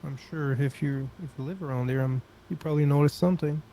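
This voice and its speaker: A poor peasant who is really a ninja in disguise asks probing questions, as a man plays him. His voice is slightly high and mellow. The character speaks in a tabletop role-play. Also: fairly even intonation, quick pace, a little hiss or hum, lightly acted. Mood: inquisitive.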